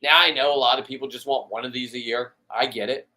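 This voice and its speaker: A man talks casually on a live stream as the fisherman hosting it. He rambles bluntly, swears freely, and restarts words as he goes. His voice sits at an ordinary pitch for a man. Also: fairly even intonation, fast, sharp tone.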